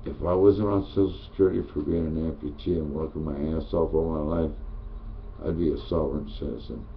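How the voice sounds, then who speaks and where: A man delivering a profane, preachy political rant, dropping to a mutter and then rising to a shout. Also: a bass voice, vocal fry. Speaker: online ranter. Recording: dull lo-fi sound with faint noise.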